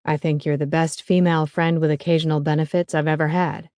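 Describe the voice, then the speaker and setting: A woman voicing an easygoing young man, plain-spoken and relaxed. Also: deep voice, a little fast, no room sound, clean studio sound, close to an everyday voice.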